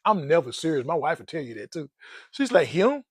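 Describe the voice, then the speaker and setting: A playful man talks about money and life in a high, lively voice, laughing often and dropping folksy slang. The sound is close and dry. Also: brisk, breathy edge, dry recording. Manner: folksy slang, calls listeners "man" and "dog". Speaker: personal finance vlogger. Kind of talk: casual motivational talk.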